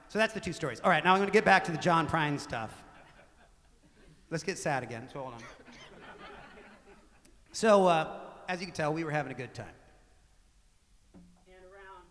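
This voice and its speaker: Man telling stories onstage in a reverberant club. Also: a little high. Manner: animated, conversational, with laughs and acted-out quotes. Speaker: singer-songwriter telling stories on stage. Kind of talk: live onstage storytelling between songs. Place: small live music venue with audience.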